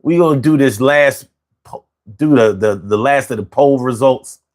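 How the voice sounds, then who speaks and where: A man in hosts his own livestream, chatting loosely with his viewers. He sounds tired, often repeats and restarts his words, and his voice sits at an ordinary middle pitch. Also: moderate pace, a little mellow. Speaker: livestream show host. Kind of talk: casual livestream chat.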